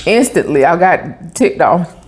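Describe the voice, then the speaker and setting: A woman vlogger, telling a story in a chatty, animated way with asides like "honey" and "baby" while she eats. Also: lowish voice, a little slow, a little hiss or hum. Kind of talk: casual storytelling while eating.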